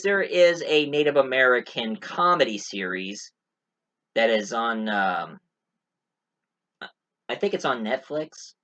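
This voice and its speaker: A man's voice: mid-range voice, expressive, measured pace, sharp tone, low-quality recording. Rambling, joking man reviewing a movie. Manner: rambling, many fillers, joking asides. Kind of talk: casual spoken movie review.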